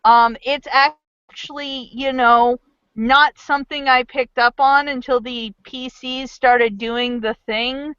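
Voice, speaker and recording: A woman game master in casual, chatty talk about a tabletop game, excitable and full of fillers. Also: high-pitched, slow, clean tone, no room sound, dull audio.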